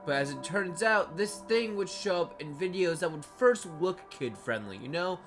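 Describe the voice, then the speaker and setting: Woman vlogger, lower-pitched, very lively delivery, blunt jokey rambling, music bed underneath. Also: normal speed. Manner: animated, blunt and joking, swears casually; rambling with many likes. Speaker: video creator. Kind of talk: casual commentary vlog. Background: background music.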